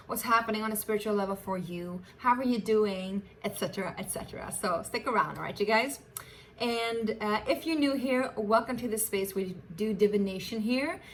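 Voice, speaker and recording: A woman's voice: medium pitch, fairly bright tone, slight background noise. Chatty woman giving a tarot reading. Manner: chatty, affectionate, laughs often, restarts phrases. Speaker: tarot reader. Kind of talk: casual tarot reading to camera.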